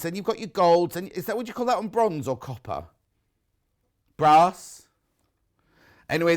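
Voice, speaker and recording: A British man presenting a live shopping show in a windowless studio, chatting and reading out viewer messages. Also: fairly high pitch.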